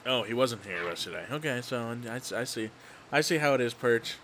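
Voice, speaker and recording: A man's voice: medium pitch, expressive, a little fast, background noise. A young man streaming a shooter game, chatting casually and teasing his viewers as he plays. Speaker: gaming streamer. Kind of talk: casual live-stream chat while playing.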